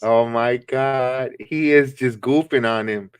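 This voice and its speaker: A man's voice: mid-range voice, slow, clear, resonant tone, no room sound. A man co-hosting a live watch-along stream, chatting casually and joking as he reacts to the matches. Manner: chatty, reacting with laughs and jokes.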